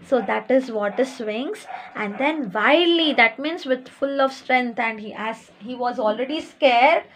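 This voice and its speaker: A woman's voice: high voice, unhurried, a bit bright, a little hiss or hum. A woman teacher reading a story lesson to young children, explaining words and checking in with "okay?".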